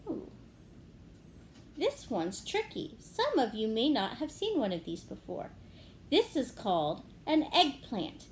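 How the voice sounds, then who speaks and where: A woman teacher giving a gentle phonics lesson to young children, clapping out words syllable by syllable. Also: a little high, huge pitch swings, slow pace, slight background noise.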